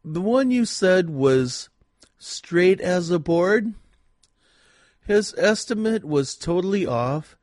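High-voiced guy, super slow and deliberate, grumbling about a contractor, dry sound. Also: expressive, darkish tone, dry recording. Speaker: story contributor. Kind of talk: reading a comic monologue.

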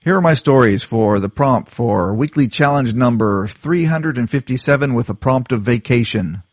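A man's voice: mid-range voice, lively intonation, moderate pace, no room sound. Dry-voiced man reading a story. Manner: playful, self-mocking intro. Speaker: contributing writer reading his story. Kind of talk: scripted story narration.

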